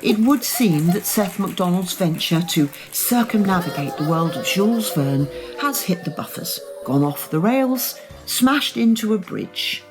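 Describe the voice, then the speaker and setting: A woman doing wry, deadpan comic narration for a radio sitcom. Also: medium pitch, measured pace, over music, natural voice.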